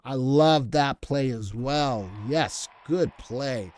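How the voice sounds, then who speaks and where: Here the stream host speaks slowly with a medium-pitched, slightly mellow voice, still playful as he reads chat messages aloud and jokes between stock picks. He keeps the market commentary casual.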